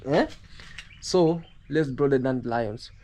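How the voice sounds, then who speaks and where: A man's voice: mid-range voice, slow, darkish tone. A man with a Kenyan accent talking to camera for his vlog, rambling and wistful as he speaks to his viewers. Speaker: vlogger. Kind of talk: casual talk to camera.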